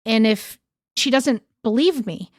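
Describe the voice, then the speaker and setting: A woman from upstate New York hosts a podcast in a slightly high, chatty voice with her regional accent. She is direct and jokes easily. The recording is dry and close, with little room sound. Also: unhurried, no room sound. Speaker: podcast host. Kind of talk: casual podcast chat.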